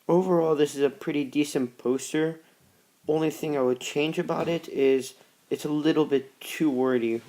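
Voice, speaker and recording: Teen boy, slightly high voice, halting school presentation, plain delivery with lots of filler. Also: steady tone, dark tone. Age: teens. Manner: halting and plain, often says "pretty much" and "just". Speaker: student presenter. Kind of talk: class presentation analyzing posters.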